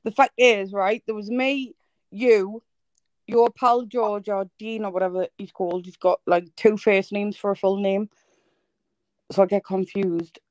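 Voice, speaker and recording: A woman with an Irish accent hosting a livestream call, teasing her guests and cursing freely in quick-fire casual banter. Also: medium pitch, steady tone, a little mellow, no room sound, rough recording. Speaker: livestream host.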